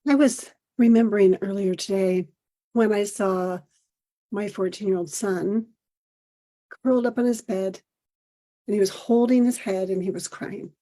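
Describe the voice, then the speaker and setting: A middle-aged woman hosting a podcast, reading a personal essay aloud in a gentle, measured storytelling manner. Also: medium pitch, steady tone. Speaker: podcast host.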